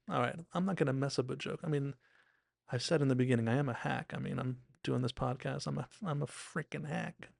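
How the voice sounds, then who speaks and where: A man's voice: medium pitch, steady tone, a little fast, vocal fry, dry recording, clean studio sound. A man hosting a podcast, giving an enthusiastic, rambling and self-deprecating casual recap of a TV episode. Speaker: podcast host.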